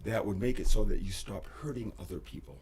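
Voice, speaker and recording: A man hosting a livestream, talking intensely, often sinking into whispers and bursting into shouts, rambling and swearing. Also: lowish voice, brisk, background noise. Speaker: livestream host. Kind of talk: emotional livestream monologue. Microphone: desk USB microphone.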